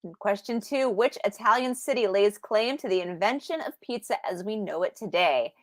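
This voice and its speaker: A woman's voice: medium pitch, normal speed. A woman co-hosting a livestream, reading trivia questions and reacting with frequent laughs. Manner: giggly, lively reactions. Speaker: livestream co-host. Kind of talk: casual chat.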